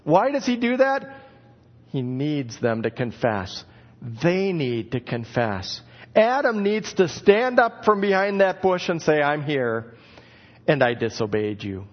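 A man's voice: high voice, slow pace. A middle-aged man preaching a sermon, telling stories and acting out the calls in his passage. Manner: expressive storytelling, acts out calls of "where are you". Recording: dull lo-fi sound.

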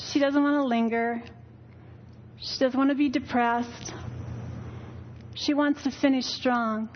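A woman's voice: high-pitched, muffled recording, slight background noise. An older woman giving a weary, earnest personal testimony in church, telling her story candidly. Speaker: church speaker.

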